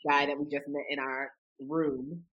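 A woman's voice: low-pitched, flat delivery, measured pace, a bit bright, highs cut off. A woman guest chatting casually and laughing as she recalls a story on a podcast.

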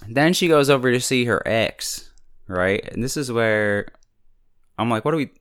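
A man's voice: medium pitch, a little slow, a bit bright, clean tone. A man casually recapping a TV episode, chatty and full of fillers, often breaking into laughs. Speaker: TV episode reviewer.

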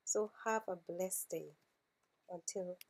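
Woman, devotional preacher, very slow and deliberate, repeats lines for weight. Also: fairly low pitch, darkish tone. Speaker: podcast preacher. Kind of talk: devotional sermon.

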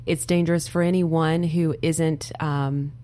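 A woman's voice: low voice, little pitch movement, a little slow, mellow. A woman co-hosting a political podcast in a studio, speaking earnestly and laughing between points. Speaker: podcast co-host.

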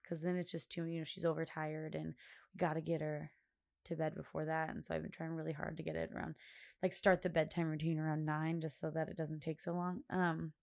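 A woman's voice: deep voice, little pitch movement, fairly quick, gravelly, a little mellow, dry recording, clean studio sound. A young woman hosting a podcast, telling a rambling, casual story full of fillers. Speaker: podcast host. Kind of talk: casual chat.

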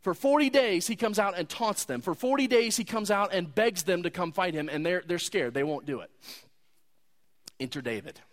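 A man preaching a sermon, retelling a story in a conversational, animated way. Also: sits high, normal speed. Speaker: pastor.

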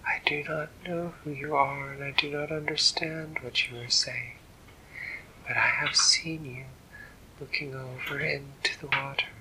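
A man voicing a gentle, sorrowful female mermaid in a soft, formal whisper, as whispered role-play. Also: mid-range voice, flat delivery, a little slow, slight background noise, voice pushed up, rough recording. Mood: curious.

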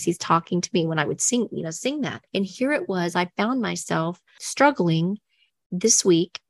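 A woman's voice: fairly low pitch, creaky, no echo, clean studio sound. A middle-aged woman hosting her own talk show, chatting in a rambling way with restarts and repeated words. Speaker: show host. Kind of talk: casual faith-based talk show monologue.

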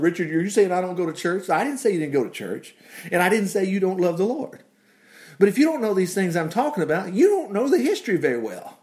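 A man teaching from the Bible in a conversational preaching style, breaking off for asides and exclamations and chuckling as he explains. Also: high-pitched. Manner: animated, with frequent asides and exclamations.

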